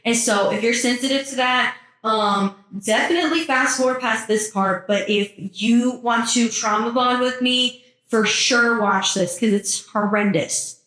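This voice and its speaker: A woman's voice: a little high, measured pace, fairly bright tone. A woman hosting a podcast, talking casually with joking, sarcastic asides from home. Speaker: podcast host. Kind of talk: casual reaction commentary. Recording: echoey room, distant mic, faint music.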